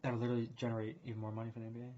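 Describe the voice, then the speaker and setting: A man streaming casual chat, rambling and excitable, full of fillers and restarts. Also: medium pitch, very fast, slight background noise. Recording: dull lo-fi stream audio.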